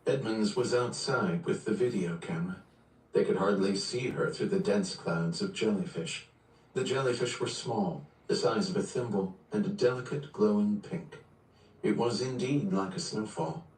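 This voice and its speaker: A man reading a novel aloud on a livestream in a steady, measured way. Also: on the low side. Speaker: reader. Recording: roomy, distant from the mic.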